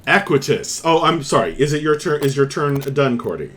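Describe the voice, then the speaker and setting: A man's voice: mid-range voice, sing-song, moderate pace, a bit bright, breathy edge. A man running a live-streamed tabletop game as game master, narrating vividly with frequent fillers.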